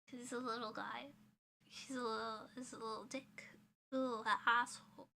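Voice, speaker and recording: A woman's voice: on the high side, level tone, moderate pace, creaky, bright, forceful tone, slight background noise. A young woman streamer in casual chat with a sore throat, playful and giggly, cracking crude jokes.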